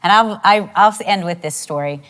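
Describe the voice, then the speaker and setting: Chatty middle-aged woman, lower voice. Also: moderate pace, fairly bright tone, clean tone. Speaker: podcast co-host. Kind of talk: casual chat.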